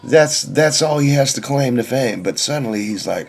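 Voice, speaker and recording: A man's voice: mid-range voice, lively intonation, normal speed, a little hiss or hum. A middle-aged man rambling through a profane opinion monologue, filling his talk with "you know" and swearing constantly. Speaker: vlogger reacting to videos. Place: living in China.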